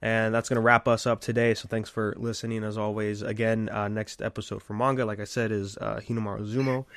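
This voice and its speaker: A man co-hosting a podcast in an easygoing, rambling chat. His voice sits on the low side, and the sound is dry and close, with no room around it. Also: fast, creaky, no echo. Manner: relaxed, rambling, filler-heavy. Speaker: podcast co-host.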